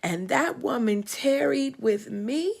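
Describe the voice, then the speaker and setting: Woman w a gravelly voice, middle-aged host on a livestream, reflective storytelling that gets emphatic. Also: a little high, lively intonation, slow. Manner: reflective, rising to emphatic testimony.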